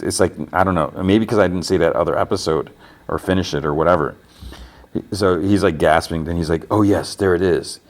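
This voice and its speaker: A man hosting a podcast, casually retelling a TV episode in a rambling way, with frequent restarts and "he's like" quotes. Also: low voice. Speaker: podcast host.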